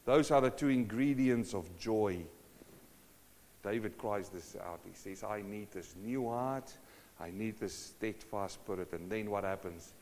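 A male preacher giving a sermon, swinging from hushed to loud and asking the congregation question after question. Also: fairly low pitch, unhurried. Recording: long hall reverb.

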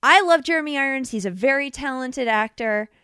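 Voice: sits high, fairly quick, sharp tone, clear, resonant tone, dry recording, clean studio sound. A woman co-hosting a podcast, chatting casually about a movie with lots of fillers and laughter. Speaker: podcast co-host. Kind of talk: casual film review chat.

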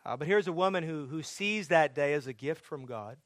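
A man's voice: a little high, animated, brisk, dry recording, studio quality. A man preaching a sermon as pastor, earnest, building to pleading, emphatic questions.

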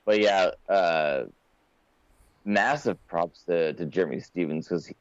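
A man co-hosts a casual podcast from home, rambling and restarting his sentences often. His voice sits a little low. The sound is dry and dull, like a lo-fi mic. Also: a little slow, dry recording. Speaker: podcast co-host. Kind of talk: casual chat.

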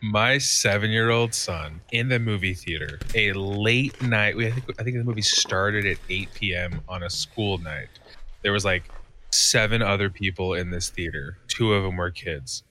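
A man's voice: fairly low pitch, moderate pace, bright, forceful tone, a little hiss or hum. A man co-hosting a casual podcast, telling an anecdote about his son with enthusiasm. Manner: enthusiastic, storytelling. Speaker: podcast co-host. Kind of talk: casual chat.

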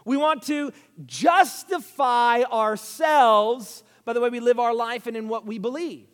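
A man preaching a sermon, swinging from hushed asides to loud, emphatic lines. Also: very high voice, a little slow, smooth. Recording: reverberant hall.

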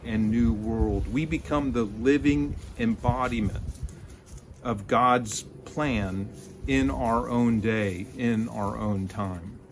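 A man's voice: medium pitch, slight background noise. A man from Texas, giving an earnest sermon and often stumbling over the starts of words. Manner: halting, repeats word starts, earnest. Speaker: lay preacher.

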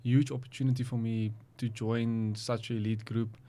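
A young man in his twenties with a South African accent, a guest athlete speaking casually and hesitantly with lots of pauses. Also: mid-range voice. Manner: relaxed, hesitant, many ums. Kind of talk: casual interview chat.

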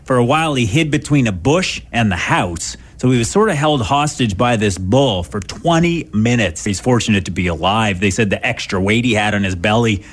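A man's voice: on the low side, animated, moderate pace, hardly any pauses, husky. A man co-hosting a morning radio show, chatting casually and telling stories with a joking manner from a studio. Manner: chatty, jokey storyteller. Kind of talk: casual on-air banter.

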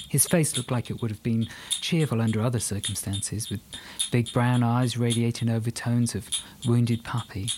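A man narrates a scripted audiobook at a middle pitch, with a measured and even delivery. A faint hiss runs under the recording.

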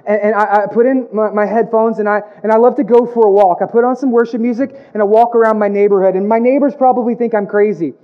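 A man's voice: high voice, steady tone, quick pace, hardly any pauses. A man delivers a sermon as pastor. He preaches with emphatic repetition and playful asides. The recording sounds dull and lo-fi. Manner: emphatic preaching with comic put-on voices, repeated phrases.

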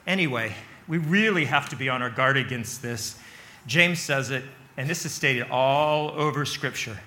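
A man's voice: medium pitch, normal speed, sharp tone. A man preaching a sermon, emphatic and repetitive, often checking in with "right?". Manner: emphatic, repeats phrases, asks "right?". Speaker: pastor. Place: barn.

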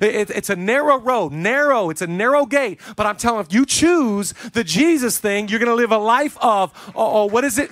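A man in his thirties preaching a sermon from a church stage on a handheld microphone, building lists and repeating words as he climbs to shouted emphasis. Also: high-pitched, no room sound. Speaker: pastor.

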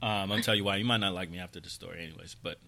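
A man in his thirties co-hosting a casual chat show, telling an animated story and swearing freely. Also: low-pitched, racing, creaky. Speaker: podcast co-host.

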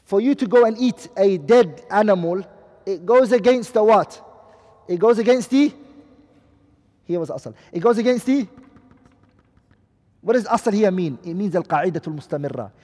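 A man with a high voice teaches a class, checking often that students are following and asking them questions. He says each Arabic term, then gives its English meaning, speaking at normal speed with lively intonation, frequent pauses, and a dark tone, while a long hall reverb carries the sound.

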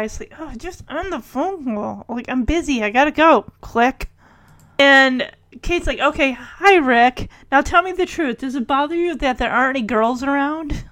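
High-voiced woman recapping an episode. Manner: animated, laughs often, acts out lines in quick voices. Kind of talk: casual episode recap with quoted dialogue.

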